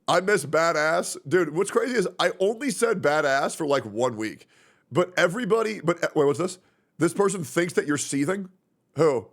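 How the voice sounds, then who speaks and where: A young man streaming live and talking off the cuff, his pitch swinging up and down as he rambles. He swears freely and reacts to chat messages as he reads them. His voice sits a little high for a man. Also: animated, normal speed. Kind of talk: casual livestream chat.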